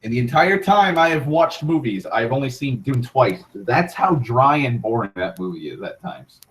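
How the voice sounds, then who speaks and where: A young man hosting an online talk show, rambling casually with frequent profanity, restarts and excited tangents. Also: medium pitch, moderate pace, low-quality recording. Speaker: internet talk show host.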